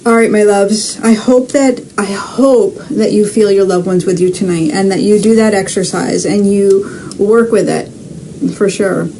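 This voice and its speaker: A woman's voice: medium pitch, a little slow, mellow, slight background noise, rough recording. A woman hosting a live-streamed psychic reading, chatty and casual, calling out viewers by name. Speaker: psychic medium host.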